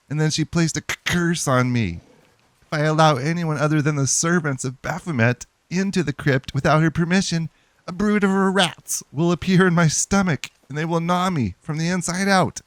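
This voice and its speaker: A man's voice: a little high, no room sound, voice pushed up, lightly acted. A man voicing a frightened young male priest in a video game, stammering and pleading between sobs. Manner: sobbing, stammering pleas.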